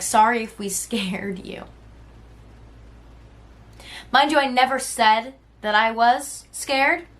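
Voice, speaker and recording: A woman's voice: medium pitch, a bit bright. A woman in her twenties telling a personal story in a casual, conversational vlog, peppered with "like" and the occasional swear word. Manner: conversational, frequent "like" and "right?", swears freely; candid, retelling texts in quoted voices.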